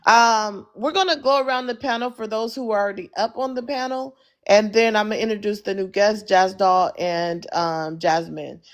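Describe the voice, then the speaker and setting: A woman hosts a live audio panel. She reacts with exclamations and keeps things moving at a brisk pace. She sounds mid-pitched and plain. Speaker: host.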